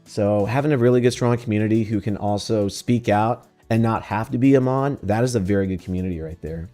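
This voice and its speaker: Man, mellow dark voice, laid-back and profane, livestream chat, faint guitar music behind. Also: fairly low pitch, fairly quick. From Texas. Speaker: VTuber streamer. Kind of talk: casual livestream chat answering questions.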